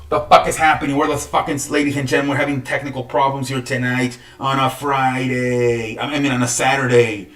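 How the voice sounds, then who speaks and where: A man's voice: medium pitch, flat delivery, fairly quick, hardly any pauses, a bit bright, slight background noise. A man hosting a solo sports podcast, rambling and swearing with many restarts. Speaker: podcast host. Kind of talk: casual solo sports talk. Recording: echoey room, distant from the mic.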